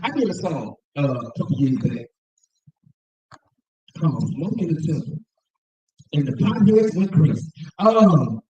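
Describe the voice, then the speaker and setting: A man's voice: a little high, very animated, unhurried, long pauses, dark tone. A man teaching a Bible class, reading aloud and commenting, with calls for the class to repeat after him. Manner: reads aloud and comments, call-and-response. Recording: roomy, distant, dull sound.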